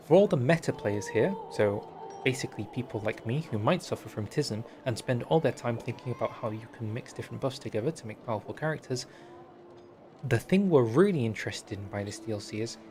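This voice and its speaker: A man's voice: mid-range voice, darkish tone. A man streaming a strategy game, chatting casually and joking while reading the event text aloud. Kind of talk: casual gameplay commentary.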